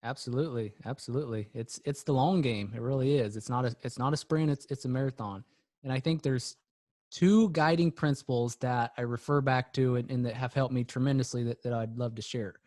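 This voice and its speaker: A man's voice: medium pitch, steady tone, brisk, a little mellow, dry recording. Earnest man coaching in a dry voice. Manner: earnest, reflective, repeats words for emphasis. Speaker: guest business coach. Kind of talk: motivational podcast talk.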